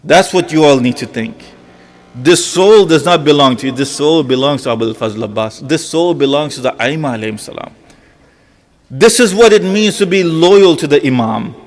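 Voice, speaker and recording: A man's voice: on the high side, lively intonation, moderate pace. A man preaching a mourning sermon. He asks rhetorical questions, repeats key phrases, and retells scenes through quoted dialogue.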